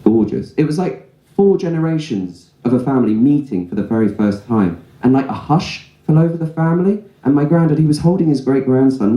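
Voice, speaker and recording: Young male stand-up, warm mellow tone, casual storyteller, live club room echo. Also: mid-range voice, a little hiss or hum. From England. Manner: conversational storytelling with frequent "right?" asides. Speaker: stand-up comedian. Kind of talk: stand-up comedy set. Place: comedy club stage before a laughing audience.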